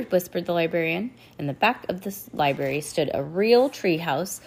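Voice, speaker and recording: A woman's voice: on the low side, normal speed, gravelly, few pauses, slight background noise. A young woman reading a children's chapter book aloud at home, voicing the characters and stopping to chat with her child. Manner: animated, breaks off to chat and laugh. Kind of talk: storybook read-aloud to a child.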